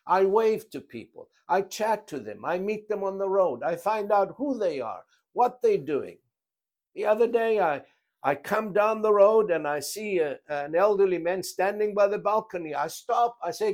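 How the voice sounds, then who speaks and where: A pastor delivers a sermon in a notably high voice. He leans on emphatic, repeated phrases and slips into lively, personal storytelling to make his points. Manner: emphatic, repetitive preaching cadence with lively storytelling.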